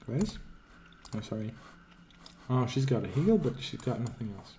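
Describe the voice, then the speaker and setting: A game streamer thinks aloud in casual, swear-heavy commentary. His voice sits at an ordinary middle pitch, and a faint hiss runs underneath. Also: very animated, moderate pace, warm tone.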